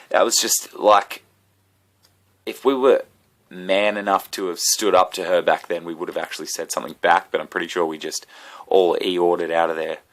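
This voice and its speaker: A deep, low-pitched man rambles to camera in a loose, casual monologue. He swears freely and cracks self-mocking asides as he goes. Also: a bit bright. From Australia. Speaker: comedian vlogger.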